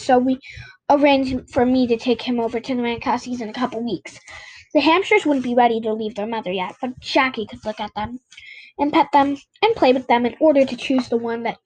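A woman's voice: a little high, darkish tone, slightly rough, rough recording. A woman reading a children's novel aloud as host of her own reading show, with casual slips and restarts. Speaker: audiobook reader and podcast host.

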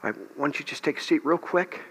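A man's voice: on the high side, fast talker, a bit bright, slightly rough. A male pastor at a revival meeting, preaching and praying with passion and stopping to restart his words. A long echo trails each phrase, as in a big church hall. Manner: impassioned, restarts often, prays aloud. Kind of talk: revival meeting sermon and prayer.

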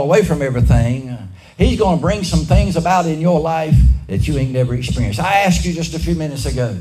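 A man preaches a revival sermon in a high-pitched voice. He keeps calling on the congregation to shout words back to him. The sound is echoey, with music playing behind him. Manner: call-and-response, rousing the congregation. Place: church.

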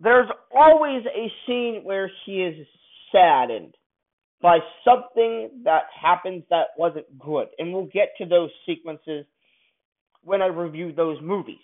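Guy ranting about a movie, swearing a lot, slow and kinda high, sounds like a phone line. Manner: angry, profane ranting with sudden loud outbursts. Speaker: film reviewer.

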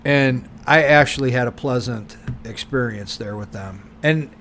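A man's voice: medium pitch, unhurried, faint music behind. A man co-hosting a podcast, telling a story in casual chat, swearing constantly and acting out what people said. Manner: animated, swears constantly, acts out quotes. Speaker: podcast co-host.

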